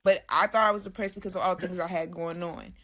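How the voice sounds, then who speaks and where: A woman's voice: fairly low pitch, fairly even intonation, fast talker, sharp tone. A woman as a guest, casually telling her own story in loose, slangy speech and often addressing listeners as "y'all".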